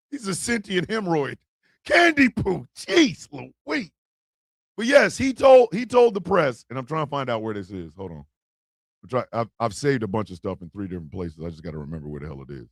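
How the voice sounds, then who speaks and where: A man hosting a comedic live stream, joking loudly and swinging between shouts and mutters. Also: a little high, no room sound. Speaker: livestream host.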